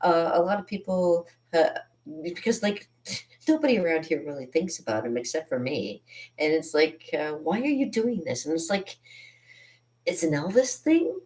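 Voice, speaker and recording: A woman in her fifties hosts a casual comedic monologue and tells stories against herself. She rambles with many restarts and laughs at her own expense. Her speaking voice sits low. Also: big pitch swings, moderate pace, a little mellow. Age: 50s. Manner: rambling, self-deprecating, laughs often. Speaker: artist and channel host.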